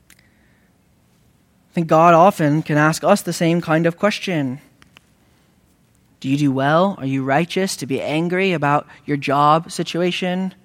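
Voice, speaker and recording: A man preaching a sermon, earnest, with dramatic rises and slow, emphatic repetitions. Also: fairly high pitch. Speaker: pastor.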